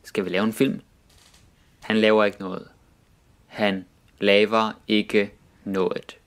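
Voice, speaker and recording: A man with a low voice reads short example sentences at a slow, careful pace. Each sentence comes twice, clearly spaced out for learners. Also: level tone. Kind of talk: reading Danish example sentences.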